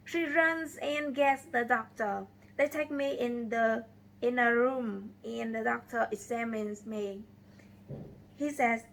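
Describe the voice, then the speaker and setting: A woman narrating a simple scripted story in slow, deliberate short phrases. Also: on the high side, vocal fry, fairly bright tone, poor audio. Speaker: storyteller for English learners.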